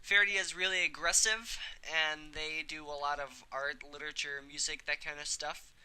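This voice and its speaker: Bright-voiced young man reading a game. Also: fairly high pitch, steady tone, smooth, poor audio. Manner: casual, halting, with fillers and asides. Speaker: let's play host. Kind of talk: reading a visual novel aloud with casual commentary.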